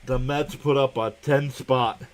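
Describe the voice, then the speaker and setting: A man's voice: steady tone, unhurried. A young man hosting a live stream, giving casual play-by-play of a baseball game, reading viewer comments and laughing often. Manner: laughs often while calling pitches and reading chat.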